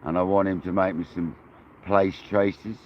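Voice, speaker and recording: English male host, lowish voice, casual and chatty with viewers, calls everyone mate, dull lo-fi outdoor stream audio. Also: flat delivery, normal speed, slight background noise. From England. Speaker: fishing livestream host. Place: outdoors on a kayak at the coast.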